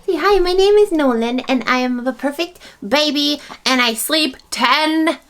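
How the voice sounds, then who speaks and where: A woman voicing a mother cooing at her baby son in high sing-song baby talk. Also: a little slow, fairly bright tone.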